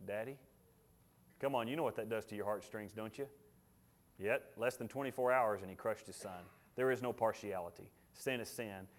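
A male pastor, preaching a sermon emphatically, swinging between loud, high declarations and low, quiet asides. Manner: emphatic preaching with big swings in loudness and pitch.

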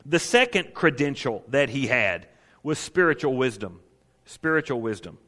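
A man's voice: medium pitch, big pitch swings, normal speed, bright, forceful tone. A man preaching a sermon on counseling, emphatic and repeating his key phrases for weight. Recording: long reverb of a large hall.

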